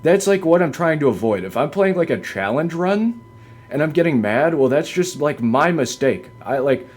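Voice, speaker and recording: In this live-stream rant, a man playing a video game at home near a window gets upset and defensive, cursing heavily and leaning on "like." He speaks at a moderate pace in a fairly high, lively voice with a breathy edge.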